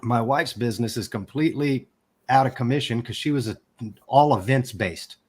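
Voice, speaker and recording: Guest, male, 40s, mid-pitched, frank emotional storyteller who swears freely. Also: normal speed, husky. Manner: candid and emotional, swears casually. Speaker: podcast guest. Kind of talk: personal storytelling.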